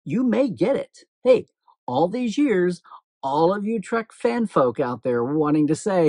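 Husky, playful man hosting a commentary vlog. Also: high-pitched, measured pace, no room sound. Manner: animated, playful and teasing, chuckles between points. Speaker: host.

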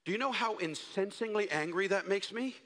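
A male pastor preaching a sermon in a dramatic, expressive way. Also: high-pitched, a little fast. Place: church sanctuary. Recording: echoey church hall.

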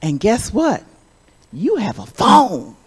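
A woman voicing a patient mother who calmly reassures her daughter in a matter-of-fact way. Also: medium pitch, slow pace, slightly rough, exaggerated voice. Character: calm, patient mother teaching a lesson.

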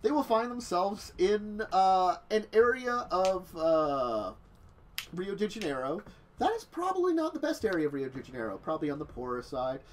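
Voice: mid-range voice, sing-song, normal speed, slight background noise, poor audio. A game master casually narrating a tabletop role-playing game, rambling with many fillers. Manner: casual, rambling, laughing often.

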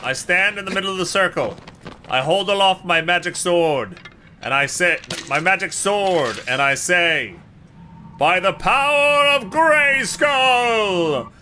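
A man streaming games live, reacting excitably with frequent laughter and shouted yelps at what happens on screen. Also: high-pitched, normal speed, a little hiss or hum. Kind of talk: live gameplay commentary.

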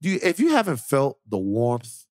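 A male co-host chatting casually, animated and full of jokes. His voice sits mid-range and he rambles through restarts. The recording is dry and close. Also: mid-range voice, moderate pace, dry recording. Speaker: podcast co-host. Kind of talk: casual chat.

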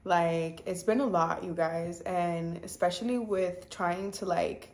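A woman's voice: lowish voice, steady tone. A woman in her twenties chatting casually to her viewers, saying "like" constantly and drifting from topic to topic. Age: 20s. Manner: chatty, says "like" a lot, sidetracks; warm and confiding, fast talking. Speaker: vlogger. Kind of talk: casual chat to camera.

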